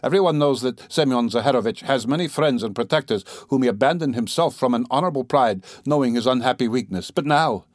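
A man reading an audiobook voices a proud, desperate woman with a raised voice and rapid, pleading delivery. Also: medium pitch, dry recording, studio quality, lightly acted.

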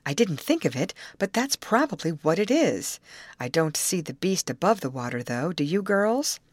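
A woman voicing a calm, resourceful teenage girl captain in a storybook reading, talking things through steadily. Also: lowish voice, normal speed, dry recording. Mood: thoughtful. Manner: steady and reasoning.

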